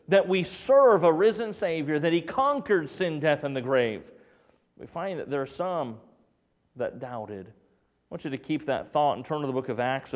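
A man preaching a Sunday sermon and reading scripture aloud, dropping his voice low and hushed for emphasis. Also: highs cut off. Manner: preaching with dramatic drops to a hushed voice; reads scripture in King James wording. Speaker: pastor.

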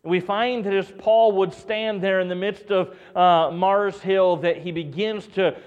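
A man preaching a Sunday sermon and reading scripture aloud, dropping his voice low and hushed for emphasis. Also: steady tone, unhurried, clear, resonant tone, dull audio. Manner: preaching with dramatic drops to a hushed voice; reads scripture in King James wording. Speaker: pastor.

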